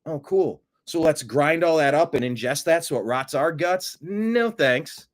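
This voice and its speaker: Male host, casual political commentary, sarcastic and animated, swinging pitch, slightly high voice. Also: a little slow. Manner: sarcastic, animated, mocks critics with put-on gasps and voices.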